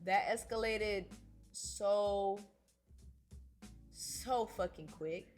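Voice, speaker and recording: A woman streamer reading a story aloud to her chat and commenting on it in slangy, swearing, playful casual talk. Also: mid-range voice.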